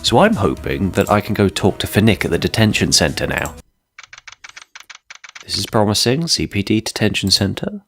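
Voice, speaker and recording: A man's voice: on the low side, very animated, moderate pace, soft background music. A man commentating on a game he plays, chatty and self-deprecating with joking asides. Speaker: let's play host.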